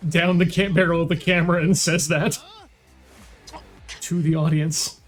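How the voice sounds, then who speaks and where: A man's voice: fairly high pitch, level tone, measured pace, faint music behind. Chatty male streamer muttering along. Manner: chatty, muttering to himself as he plays. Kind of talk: casual let's-play commentary.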